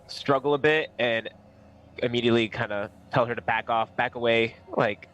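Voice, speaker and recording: A man's voice: medium pitch, moderate pace, a bit bright. A man playing in a tabletop game, talking through his character's actions in a thoughtful, rambling way. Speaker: player. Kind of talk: tabletop role-play chat.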